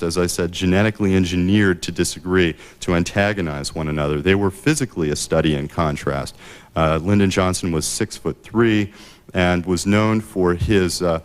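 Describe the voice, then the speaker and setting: Male speaker, very deep voice, measured lecture delivery with frequent fillers. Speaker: author giving a book talk. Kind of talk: prepared lecture.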